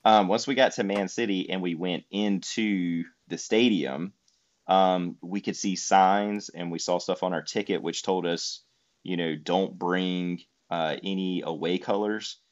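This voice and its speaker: A man's voice: sits low, fairly even intonation, unhurried, lo-fi sound. A man telling a trip story in casual conversation, rambling with many fillers. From United States.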